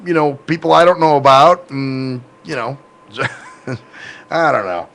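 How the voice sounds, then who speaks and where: A man's voice: medium pitch, a little slow, fairly bright tone. A man hosting a podcast in casual, rambling chat, swearing often and laughing. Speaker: podcast host.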